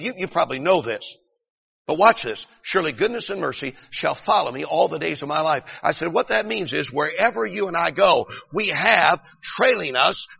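Man preaching, high gravelly voice, bright and husky, dull sound, long hall echo. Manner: swings between shouting and hushed storytelling. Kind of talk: revival sermon.

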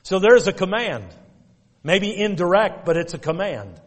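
This pastor, a middle-aged man, speaks in a sing-song voice that sits high, at an ordinary pace. Preaching in a church sanctuary, he mixes folksy stories with commands he repeats for emphasis, all echoing with the hall's long reverb.

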